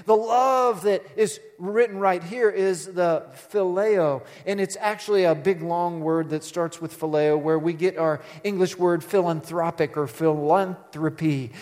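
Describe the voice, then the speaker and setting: A man's voice: high voice, a little mellow, in a large hall. A man delivering a sermon as a pastor, conversational and storytelling, with dramatic emphasis on key words.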